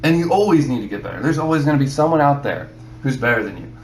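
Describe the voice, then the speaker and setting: A man's voice: medium pitch, sing-song, quick pace, slight background noise. Rambling man in an echoey room. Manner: rambling, repeats himself, many "you know"s. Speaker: artist giving advice. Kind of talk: casual advice talk to camera.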